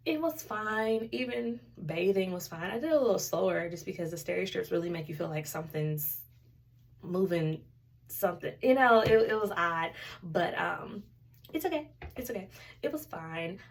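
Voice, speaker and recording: A woman's voice: on the low side, normal speed, far from the mic. A young woman casually telling a candid story in a vlog, acting out the other people in her story. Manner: chatty, candid, animated retelling with quoted dialogue. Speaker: vlogger.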